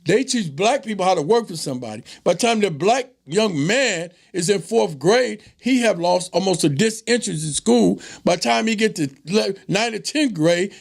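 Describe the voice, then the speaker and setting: Animated gravelly man teaching history. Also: high voice. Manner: preachy, animated, repeats phrases. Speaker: host. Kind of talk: informal history lesson to viewers.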